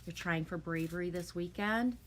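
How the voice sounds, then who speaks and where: A woman's voice: on the low side, moderate pace, a little hiss or hum. A woman hosting a casual livestream, reading out and answering her viewers' comments in a chatty, emotional way. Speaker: livestream host. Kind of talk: casual chat with a live audience.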